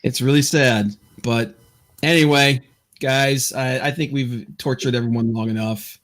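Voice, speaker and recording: A man's voice: medium pitch, steady tone, unhurried, a bit bright. A man hosting a podcast in casual chat, rambling and stammering through lots of fillers. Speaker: podcast host.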